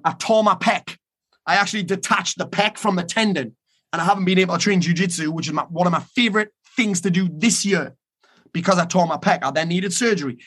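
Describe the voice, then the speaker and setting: A man's voice: high voice, bright, forceful tone, breathy edge. A man giving a blunt, profane motivational talk to an online summit. He repeats key phrases for emphasis. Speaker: motivational speaker.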